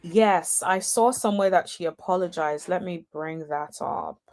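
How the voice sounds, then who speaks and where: A woman's voice: fairly low pitch, normal speed, a little mellow. A woman hosting a casual reaction commentary, speaking to her viewers with chatty, exasperated asides. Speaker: host.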